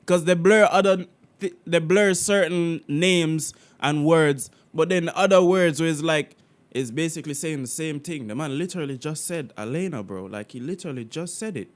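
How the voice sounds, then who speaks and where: A man from Jamaica hosting a casual music reaction video. He is animated and slangy, with frequent swearing and laughter. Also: a little high, moderate pace. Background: the reacted song playing faintly.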